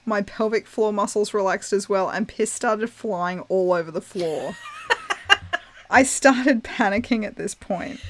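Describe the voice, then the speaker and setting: A woman's voice: mid-range voice, no echo. Woman reading a story aloud, dry sound. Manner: amused reading, breaking into laughs, animated voices for quotes. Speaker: podcast host reading a story.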